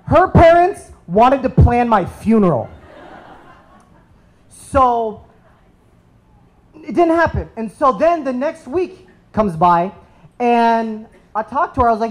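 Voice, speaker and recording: Thirties man from the US, live stage storyteller, animated, playful, self-deprecating. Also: very high-pitched, takes it slowly, long pauses, low-quality recording. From United States. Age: 30s.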